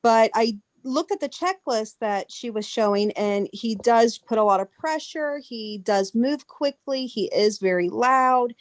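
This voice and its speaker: A woman's voice: fairly high pitch, a little slow, few pauses, no room sound. A woman child care teacher asking a question on a webinar, hesitant and searching for words. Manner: hesitant, searching, with many restarts.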